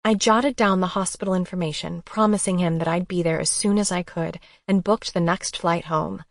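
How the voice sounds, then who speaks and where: Female audiobook narrator, expressive, lowish, dry studio sound. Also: moderate pace, gravelly, dry recording. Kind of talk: first-person romance narration.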